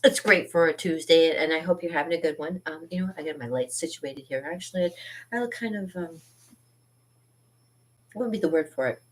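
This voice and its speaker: This middle-aged woman speaks a little fast in a low-pitched voice during a casual live stream from her home art studio. She's playful and rambling, laughing frequently as she chats.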